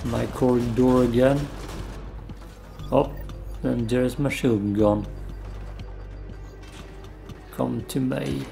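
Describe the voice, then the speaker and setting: Low-key gravelly man gaming. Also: steady tone, extremely slow, pauses often, warm tone. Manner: mumbling, self-deprecating play-by-play. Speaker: gamer. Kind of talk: casual gameplay commentary. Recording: faint music underneath.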